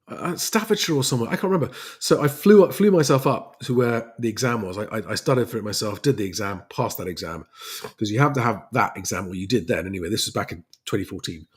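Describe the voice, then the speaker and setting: A man's voice: lowish voice, fast talker, husky. An English man hosting a casual livestream, chatting loosely with plenty of fillers and restarts as he answers viewer questions. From England. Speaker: livestream host and private pilot.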